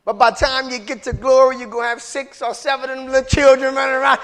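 A man preaching a sermon to a congregation, repeating phrases for emphasis and building into shouted call-and-response. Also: very high-pitched, flat delivery, quick pace.

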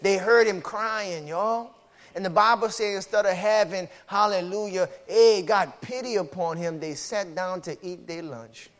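A male preacher giving a sermon in a colloquial, repetitive style that builds from quiet explanation to shouted exclamations. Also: sits high, measured pace. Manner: colloquial, uses y'all.

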